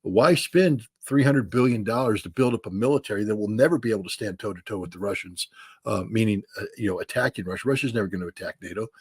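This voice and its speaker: A man's voice: lowish voice, quick pace, slightly rough, dry recording. Middle-aged guy ranting casual, blunt, lots of restarts and "dude", dry close sound. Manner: blunt, emphatic, repetitive restarts, says "dude" and "you know". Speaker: commentator. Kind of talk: casual political commentary.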